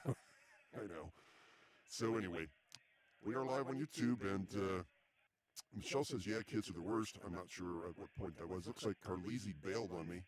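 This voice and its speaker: A man with a fairly low voice hosting a loose comedy podcast live. He chats casually and drily, with a quick exasperated edge when teased. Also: over a noisy crowd. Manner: dry, exasperated. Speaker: podcast host. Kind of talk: casual comic chat.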